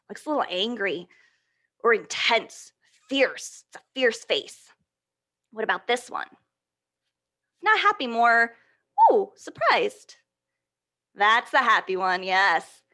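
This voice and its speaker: A woman leading a children's storytime, animated and prompting her young listeners with questions. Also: fairly high pitch. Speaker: storytime reader.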